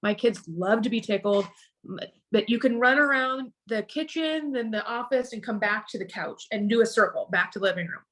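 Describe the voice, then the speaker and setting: A middle-aged woman, a podcast guest, telling a personal story in an emotional, halting way, with many restarts and repeated words. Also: a little high, a bit bright.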